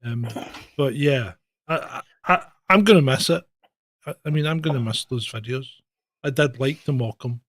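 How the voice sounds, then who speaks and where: A man's voice: mid-range voice, moderate pace. A man hosting a livestream news roundup, talking in a blunt, mocking, sweary casual way. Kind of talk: sarcastic casual chat.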